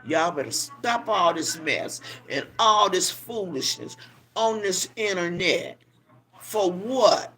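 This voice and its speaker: An older woman, a grandmother, hosting a casual livestream and lecturing viewers in a preachy, scolding way with drawn-out emphasis. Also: on the low side, animated, bright, forceful tone, soft background music. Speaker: livestream host.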